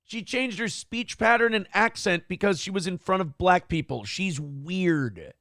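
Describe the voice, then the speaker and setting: Male show host, high gravelly voice, sarcastic profane commentary. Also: lively intonation, measured pace, fairly bright tone, dry recording, studio quality. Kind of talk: opinionated commentary over clips.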